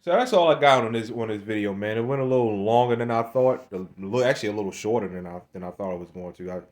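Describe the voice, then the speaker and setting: A man with a lowish, darkish voice talks at a quick pace in a rambling religious rant to camera. A religious video maker, he scolds viewers, swears, laughs between points and restarts his phrases.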